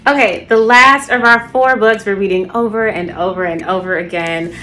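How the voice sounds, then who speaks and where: A woman's voice: medium pitch, normal speed, bright, forceful tone, faint music behind. A woman hosting a casual video, talking through children's picture books in a chatty, playful way. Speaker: host. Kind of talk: casual book review chat.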